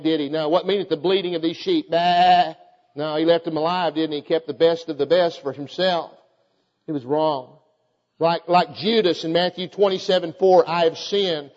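A man preaching a fervent sermon, often calling out to his congregation and repeating his points. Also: high-pitched. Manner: fervent, repetitive, calls out to the congregation. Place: church. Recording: dull audio with long church reverb.

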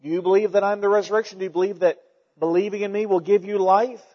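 A man with a high voice preaches a sermon, reading verses and then pressing his points with fervent, repeated emphasis. The sound is dull and lo-fi, with a long reverb that rings through a large hall. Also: fairly even intonation, quick pace. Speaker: pastor.

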